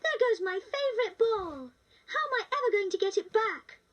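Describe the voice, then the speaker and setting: A woman doing a squeaky little British girl. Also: animated, moderate pace, distant mic, lo-fi sound. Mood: eager. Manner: eager and pleading. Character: lonely little city girl.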